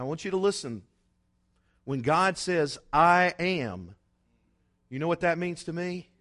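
A male pastor preaching a sermon, emphatic, with dramatic pauses and acted-out quotes. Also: on the high side, fairly bright tone.

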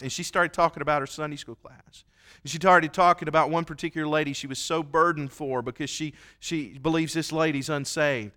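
A preacher delivering a sermon in a church, his bright, tense voice sitting a little high for a man. He tells stories in an earnest, folksy way, warm with the congregation. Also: fairly even intonation, fairly quick. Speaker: pastor.

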